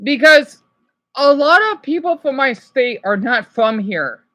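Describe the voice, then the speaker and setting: Bright high-voiced woman streamer. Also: animated, unhurried, no room sound, muffled recording. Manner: chatty, answers viewers' comments aloud. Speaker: livestreamer. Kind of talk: casual livestream chat, reacting to a video.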